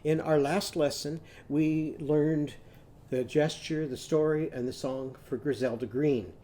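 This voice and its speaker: A man's voice: on the high side, fairly even intonation, a little slow, mellow. A man teaching a children's phonics lesson, patiently coaxing and sing-song, chanting animal sounds for kids to repeat. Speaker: literacy teacher.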